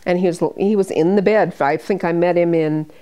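A woman's voice: fairly low pitch, fairly even intonation, normal speed. An older American woman, a hospice nurse, telling stories from her work to a small group and acting out the people she quotes. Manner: warm anecdotal storytelling with quoted dialogue. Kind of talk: storytelling presentation.

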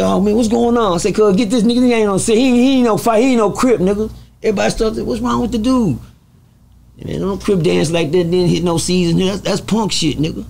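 Gravelly high-voiced man telling stories. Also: a little hiss or hum. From Fort Worth, Texas. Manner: animated, acts out quoted voices, swears freely. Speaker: interview guest. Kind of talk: storytelling in a casual interview.

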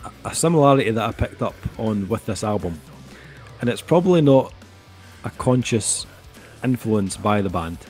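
Low-voiced man rambling through an album review. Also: lively intonation, moderate pace, a little mellow, faint music behind. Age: middle-aged. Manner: rambling, heavy on fillers like "um" and "kinda". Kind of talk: casual review chat.

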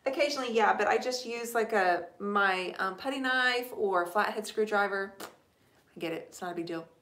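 A woman hosting a casual live stream, chatting warmly and thanking viewers by name as she answers their questions about painting furniture. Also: medium pitch, moderate pace. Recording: echoey room.

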